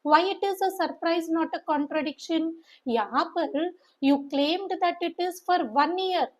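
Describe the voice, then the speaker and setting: A woman's voice: extremely high pitch, normal speed, low-quality recording. A woman teaching English, walking through a sample letter and repeating key words for emphasis. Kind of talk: explaining a sample letter in a lesson.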